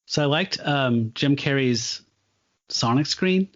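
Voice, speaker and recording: A man's voice: mid-range voice, animated, slow, highs cut off. A man co-hosting a comic book podcast, recapping panels with rambling enthusiasm. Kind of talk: casual chat.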